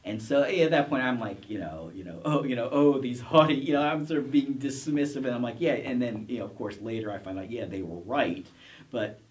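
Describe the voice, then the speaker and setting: A man's voice: mid-range voice, animated, brisk, distant mic. A middle-aged man, a professor, telling his career story in a casual interview, rambling with restarts and self-deprecating chuckles. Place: college TV studio.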